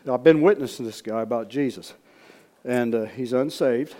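A man preaching in a storytelling way, folksy and repetitive, swinging from loud re-enactment to hushed asides. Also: mid-range voice, moderate pace. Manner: repeats words, folksy speech. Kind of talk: storytelling sermon.

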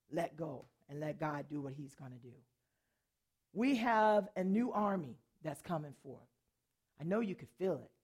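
An older woman pastor and worship leader, preaching in a storytelling way, animated and often laughing as she tells a personal story. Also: fairly low pitch, breathy edge. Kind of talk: sermon storytelling.

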